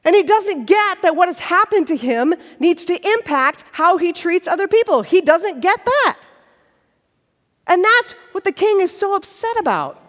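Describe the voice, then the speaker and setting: Lively high-voiced woman preacher. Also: moderate pace. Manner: animated, playful storytelling. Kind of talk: sermon. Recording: long hall reverb.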